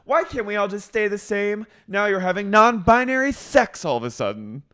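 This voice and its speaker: A man's voice: sits high, sing-song, normal speed, pushed and bright, smooth, pitched above the performer's own voice, full character voice. A man putting on the voice of a prim, shocked older woman friend, whiny and exasperated, as a comic bit in a casual podcast.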